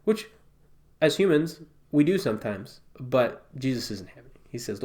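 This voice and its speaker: A man's voice: medium pitch, big pitch swings, normal speed, darkish tone. A man giving a casual, conversational Bible teaching, emphatic and full of rhetorical asides.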